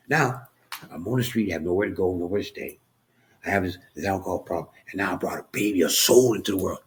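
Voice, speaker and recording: Deep-voiced man telling his story, halting. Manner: halting, many restarts and repeated words; earnest and emotional. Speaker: author and podcast guest. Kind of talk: candid personal storytelling in an interview.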